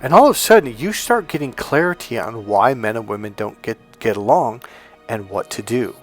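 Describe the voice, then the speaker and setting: Man, dating coach, persuasive monologue, emphatic delivery, average pitch, soft background music. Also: animated, normal speed. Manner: emphatic, persuasive, acts out quoted voices.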